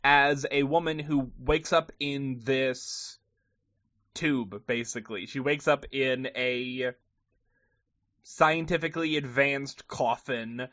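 A man's voice: medium pitch, steady tone, slow, fairly bright tone. A man hosting a podcast, chatting through a movie review in a jokey, self-deprecating way. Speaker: podcast host. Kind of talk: casual movie review chat. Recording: slightly muffled dry podcast audio.

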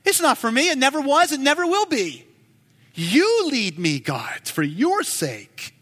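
A man's voice: huge pitch swings, a little slow, sharp tone, big-room sound. A man preaching a sermon, reading scripture and commenting with emotional, pleading passages. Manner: emotive preaching, rising to urgent pleas then dropping low. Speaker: pastor.

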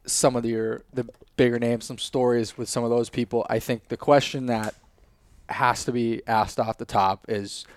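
A man's voice: mid-range voice, flat delivery, moderate pace, no room sound. A man hosting a podcast, asking loose questions with hesitant restarts. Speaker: podcast host. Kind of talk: casual interview chat.

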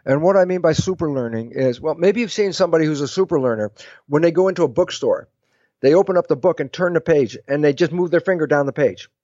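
A man explaining ideas in an interview, animated and acting out both sides of imagined conversations. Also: a little high, fast talker, no room sound, highs cut off. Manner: lively, acts out both sides of imagined dialogues. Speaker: guest speaker.

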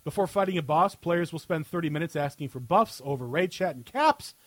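A male podcast host with a fairly high, bright voice reads a satirical article aloud, sarcastic and quick, often cracking up with laughter. He sounds animated, and the recording is dry.

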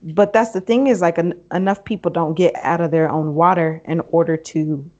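A woman's voice: fairly low pitch, steady tone, normal speed, darkish tone, muffled recording. A woman hosting a casual conversation, responding with supportive comments and short interjections.

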